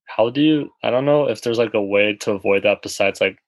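A man asks a question in an informal group talk, his voice low and recorded dry and close. He talks in a halting, self-conscious way and keeps restarting his sentences. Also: no echo, poor audio. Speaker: participant asking a question.

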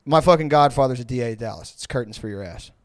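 A man hosting a podcast who tells a story in a casual, rambling, profane and animated way. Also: mid-range voice, quick pace, dry recording, studio quality.

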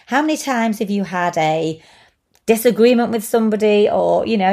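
A woman giving a gentle, thoughtful talk, often repeating words for emphasis. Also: medium pitch. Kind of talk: reflective talk to camera.

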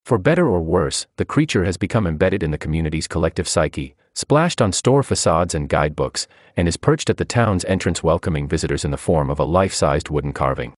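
A man reading a feature article aloud as scripted narration, in an expressive storytelling manner. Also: sits low, brisk, few pauses, no room sound, clean studio sound.

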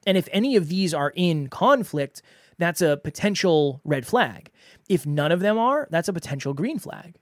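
A man hosts a solo podcast, speaking earnestly and conversationally and circling back to repeat his points. His voice sits a little high. The sound is dry and close, with no room echo. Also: expressive, moderate pace. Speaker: podcast host. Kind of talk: solo podcast advice talk.

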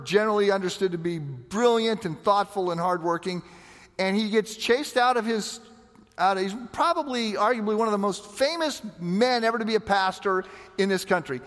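A man preaching a sermon in a conversational, animated way, often repeating words as he starts a thought. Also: high-pitched, normal speed, in a large hall. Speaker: pastor.

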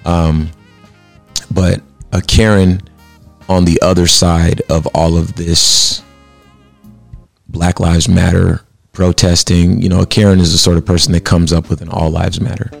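Very deep gravelly male host. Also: level tone, measured pace, soft background music. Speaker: podcast host. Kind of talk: casual chat.

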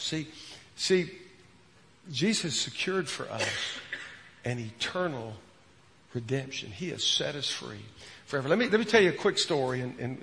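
A man preaching a sermon as a pastor, earnest, repeating words and dropping from loud to hushed. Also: mid-range voice, gravelly, big-room sound.

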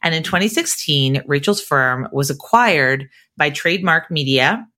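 A woman's voice: sits low, expressive, unhurried, sharp tone. A middle-aged woman hosting a podcast, talking in an upbeat, grateful way. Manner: upbeat, thankful, enthusiastic. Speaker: podcast host. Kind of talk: podcast intro and chat.

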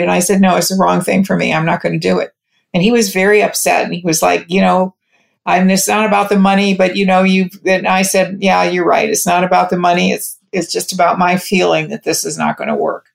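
A woman with a lowish, creaky voice speaks fairly quickly in a flat delivery. As an interview guest, she rambles through a personal story, often restarting sentences and quoting what other people said.

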